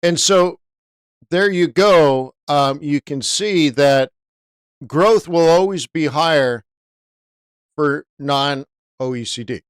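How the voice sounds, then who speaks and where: A man's voice: on the high side, slow, long pauses, clean tone, dry recording, studio quality. Laid-back rambling middle-aged man. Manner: laid-back and rambling, with "dude" and "right?" fillers. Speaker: forex trading livestream host. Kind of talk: casual livestream storytelling.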